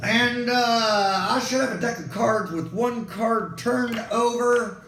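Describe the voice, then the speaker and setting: Casting: high-pitched male comic host, sarcastic rambler, echoey room. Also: takes it slowly, fairly bright tone, soft background music. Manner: sarcastic, digressive ranting. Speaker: comedic weatherman host.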